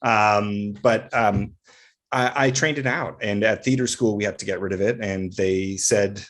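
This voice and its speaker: A man's voice: on the low side, unhurried, fairly bright tone. A man from Canada chatting as a podcast guest about acting work, with a General North American accent and lots of fillers. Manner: chatty storyteller with frequent fillers. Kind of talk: casual conversation.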